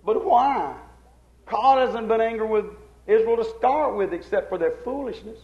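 A man preaching a sermon with fervor, his voice sitting high and swinging between hushed and emphatic. The recording is echoey and dull, as if captured in a reverberant room on old equipment. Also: moderate pace.

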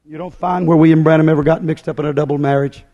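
High-voiced man preaching in an echoing hall. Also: steady tone, fast, mellow, dull audio. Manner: emphatic, repetitive, hammering delivery. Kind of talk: fiery sermon. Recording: long hall reverb.

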